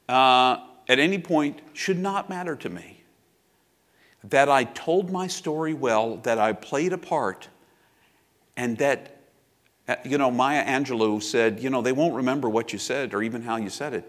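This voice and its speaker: A man's voice: medium pitch, a bit bright. A man in his fifties preaching a sermon as pastor, reflective and confessional, with personal asides.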